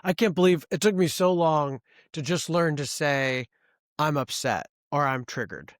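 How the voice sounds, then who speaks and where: A man with a fairly high voice hosts a podcast, speaking candidly and reflectively. He rambles a little and restarts his sentences. The sound is dry and close. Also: moderate pace, no echo. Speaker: podcast host. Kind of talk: casual interview talk.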